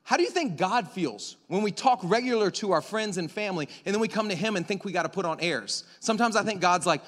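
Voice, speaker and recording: A man preaching a sermon as pastor, conversational and animated, joking and acting out voices. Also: high-pitched, fast talker, hardly any pauses. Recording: long hall reverb.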